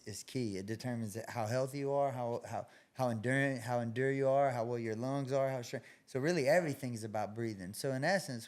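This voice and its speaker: Man calmly explaining workout philosophy. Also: mid-range voice. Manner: calm, explanatory, coaching tone. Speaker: martial arts fighter and gym coach. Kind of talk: podcast interview.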